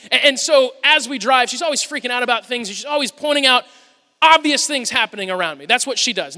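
The pastor's voice is very high-pitched, bright, and forceful as he preaches in a church sanctuary. His sermon takes the form of conversational, humorous storytelling, heard with the long reverb of a large church hall.

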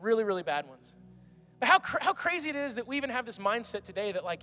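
A man's voice: high voice, very animated, fast, sharp tone. Man, 30s, pastor, sermon, impassioned, long hall reverb, faint music. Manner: impassioned, rambling with restarts. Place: church hall.

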